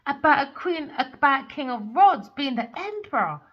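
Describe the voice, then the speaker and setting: A woman's voice: high-pitched, big pitch swings, moderate pace, pitched above the performer's own voice. A woman voicing a heartbroken, swearing man from a tarot card, who sounds distressed and calls the listener babe. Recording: dull lo-fi audio.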